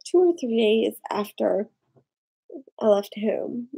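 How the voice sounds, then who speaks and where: A woman vlogger telling a personal story in a rambling, halting way, tipsy and tearful. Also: on the high side, expressive, vocal fry, mellow, husky, low-quality recording. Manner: rambling, halting, with frequent fillers and swearing. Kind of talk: casual confessional storytelling.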